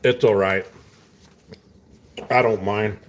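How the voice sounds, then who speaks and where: A man's voice: lowish voice, fairly even intonation, takes it slowly. A middle-aged man with a West Texas accent, chatting casually with viewers over dinner in a laid-back, drawling way. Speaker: host. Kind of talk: casual chat while eating dinner.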